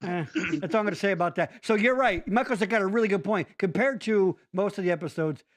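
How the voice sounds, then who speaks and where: A man's voice: high-pitched, quick pace. A man hosting a podcast in casual chat, joking and cursing freely. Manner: joking, profane, animated. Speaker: podcast host.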